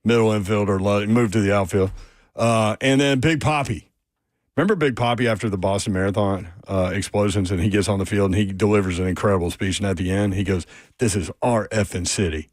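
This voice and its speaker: A man's voice: fairly low pitch, steady tone, brisk, no echo, clean studio sound. A man hosting a sports radio show, chatting casually, telling odd stories and reading out game listings. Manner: jokey, storytelling, reads out game lines. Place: radio studio.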